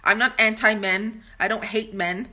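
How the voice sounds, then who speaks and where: A woman's voice: medium pitch, fairly even intonation, normal speed, sharp tone. Blunt, profane woman ranting to camera. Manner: ranting with frequent restarts. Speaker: vlogger.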